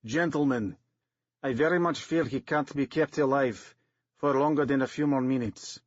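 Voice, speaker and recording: A man voicing a squat, bald male mad doctor with a thick foreign accent, speaking gravely and formally in a dry, slightly dull recording. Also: medium pitch, lively intonation, normal speed, dry recording.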